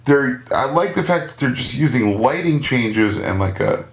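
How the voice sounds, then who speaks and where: A man co-hosting a podcast, chatting casually as he recaps a TV episode and jumps into high, playful quoting voices. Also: lively intonation, moderate pace, creaky, a loud crowd. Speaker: podcast co-host.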